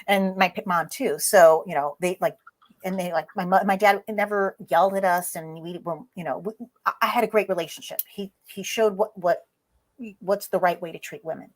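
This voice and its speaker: A woman as an interview guest, telling a story in a lively way and acting out the voices in it. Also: lowish voice, normal speed. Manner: lively, acts out voices in her stories.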